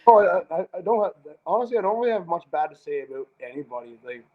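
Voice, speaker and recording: Laid-back Canadian man, slightly high voice. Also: very animated, quick pace. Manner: laid-back, swears freely, stammers on restarts. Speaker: guest artist. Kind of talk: casual video call interview. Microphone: video call. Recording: muffled lo-fi call audio.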